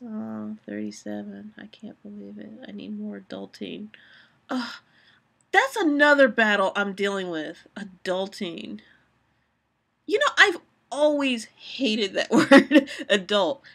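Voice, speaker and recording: Bright-voiced woman rambling candidly. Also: mid-range voice, big pitch swings, slow pace, gravelly. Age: 40s. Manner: candid, rambling, frequent restarts. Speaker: live stream host. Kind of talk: rambling personal live stream chat.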